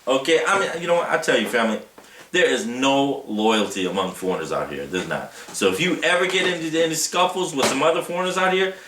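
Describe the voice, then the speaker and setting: A man vlogging in a casual storytelling style, animated and often adding "right?" as he talks. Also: medium pitch, fast talker, roomy sound, a little hiss or hum. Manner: animated, tags lines with "right?". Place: Japan.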